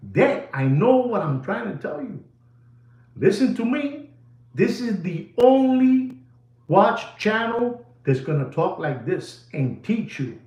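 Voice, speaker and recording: A man hosts a live watch-sale stream in a high, lively voice that swoops up and down. He rambles and hammers his points by repeating phrases again and again. The sound is roomy, with a clear echo. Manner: emphatic, repeats phrases over and over.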